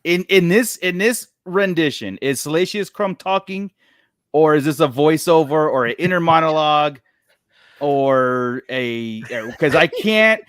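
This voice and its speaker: Male co-host, a touch higher-pitched, chatty and giggly, dry studio sound. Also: animated, a bit bright, dry recording. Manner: laughing, quick questions. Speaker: podcast co-host. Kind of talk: casual chat.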